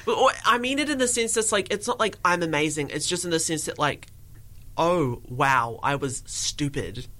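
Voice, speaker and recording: A man's voice: high-pitched, lively intonation, fast talker, few pauses, bright, forceful tone. A teenage boy co-hosting youth radio, rambling and self-deprecating with lots of filler words. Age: teens. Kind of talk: casual chat. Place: radio studio.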